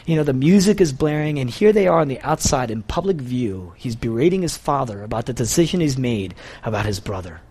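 A man's voice: mid-range voice, expressive, brisk, few pauses, darkish tone, breathy edge. A man preaching a sermon, telling a story with animation and repeating phrases for emphasis.

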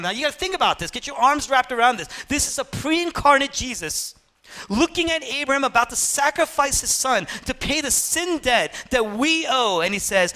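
A man preaching a sermon, impassioned, swinging from loud emphatic peaks to hushed low passages. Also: expressive, moderate pace.

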